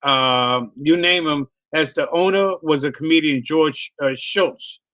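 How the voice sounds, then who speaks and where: A man's voice: on the high side, unhurried, a bit bright. A man hosting a casual interview, telling loose profane stories with many restarts and repeats. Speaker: host.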